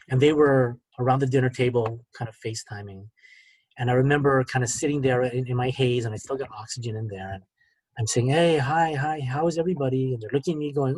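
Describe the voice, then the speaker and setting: A middle-aged man, a physician, telling a personal story in an earnest, halting way over a webinar video call. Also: medium pitch, a little mellow, slightly rough, dry recording. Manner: earnest, halting storyteller with many "you know" and "okay?". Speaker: physician speaker.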